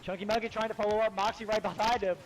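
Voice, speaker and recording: A young man giving relaxed, jokey color commentary and analysis on an esports match. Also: high-pitched, very fast, a little hiss or hum, low-quality recording.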